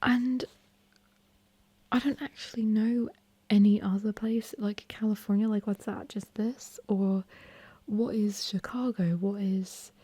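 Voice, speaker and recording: A young woman whispers breathily, chatting on and on with plenty of fillers. Her tone is dark and mellow. The sound is dry and close, recorded in a room at home. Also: mid-range voice, steady tone, unhurried, breathy edge, no room sound. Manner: rambling, chatty, many fillers. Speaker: ASMR host. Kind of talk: whispered ASMR chat.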